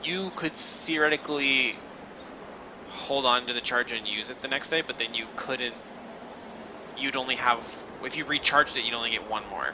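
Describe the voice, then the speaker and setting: A man is the game master of a tabletop game over a voice call, walking the players through the rules step by step with plenty of fillers. His voice sits in a middle pitch. A steady noise runs under the line. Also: moderate pace. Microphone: online voice call.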